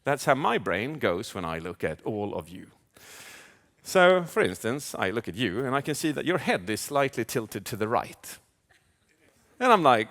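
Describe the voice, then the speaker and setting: A man speaking as a communication coach in a live keynote, animated, asking the audience questions and acting out inner voices. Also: mid-range voice, normal speed. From Sweden. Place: large event hall. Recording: long hall reverb.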